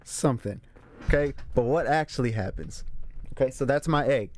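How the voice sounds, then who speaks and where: A man hosting a casual solo movie talk, emphatic and animated, repeating his points. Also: mid-range voice, moderate pace. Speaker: movie review host. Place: room with a squeaky chair.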